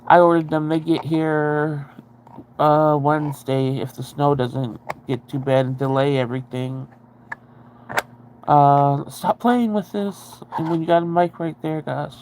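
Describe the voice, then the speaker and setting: A woman's voice: low voice, fairly even intonation, a little slow, a little mellow, slight background noise. A woman hosting a casual livestream, rambling and chatty as she answers viewer comments and swears freely. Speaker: livestream host.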